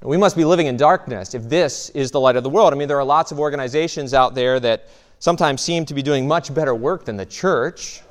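A man's voice: mid-range voice, fairly quick. A man, a pastor, preaching a sermon in a conversational way, often checking in with "right?" and restarting phrases.

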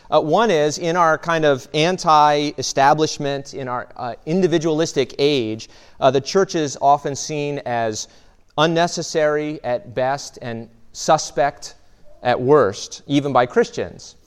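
A man's voice: on the high side, clear, resonant tone. A man, a pastor, preaching a sermon in a conversational way, often checking in with "right?" and restarting phrases.

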